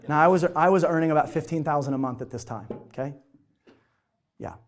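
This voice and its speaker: Brief: middle-aged male motivational speaker, slightly high voice, animated storyteller who acts out other voices. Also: normal speed. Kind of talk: personal storytelling to a live audience.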